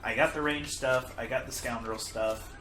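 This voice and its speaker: Man, casual gaming host, bright voice, self-deprecating, roomy echo. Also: medium pitch, steady tone, normal speed. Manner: chatty, self-deprecating, laughs often. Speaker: host and player.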